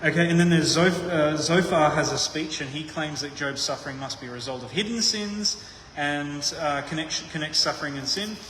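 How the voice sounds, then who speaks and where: A man's voice: on the high side, normal speed, few pauses, a bit bright, slight background noise. A man preaching a conversational sermon, thinking aloud with frequent restarts. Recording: echoey hall with long reverb.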